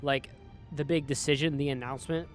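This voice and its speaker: A man co-hosting a casual TV review chat, excitable and swearing freely, with music faintly behind. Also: medium pitch, fairly quick. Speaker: podcast co-host.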